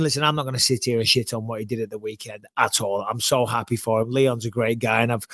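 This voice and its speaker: A man's voice: medium pitch, fairly bright tone, no echo. Man in his forties, casual podcast chat, salty banter, dry close sound. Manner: swearing, banter. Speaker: podcast co-host, former fighter.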